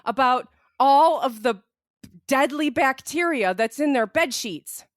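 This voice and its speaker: A woman's voice: high voice, slow, no room sound, clean studio sound. A young woman co-hosting a casual podcast, telling stories in a chatty way with lots of fillers. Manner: chatty, lots of "like", animated storytelling. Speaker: podcast co-host.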